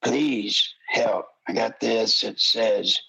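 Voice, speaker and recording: On his political talk radio program, an older man with a gravelly voice pleads passionately, his monologue rising to shouts. He talks extremely slowly at a lowish pitch, and the recording has its highs cut off.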